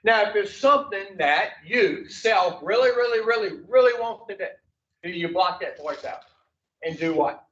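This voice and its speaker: A man's voice: high voice, lively intonation, moderate pace, fairly bright tone. A man leading an addiction recovery group, lecturing bluntly and profanely and firing rhetorical questions at the room. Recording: distant, echoey, dull room recording.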